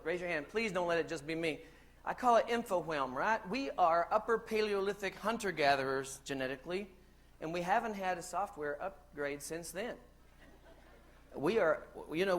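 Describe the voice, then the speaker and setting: A man's voice: fairly high pitch, fairly bright tone. A middle-aged man giving a humorous keynote to teachers in a large conference hall, talking straight to the crowd. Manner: joking, addresses audience directly. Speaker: keynote speaker.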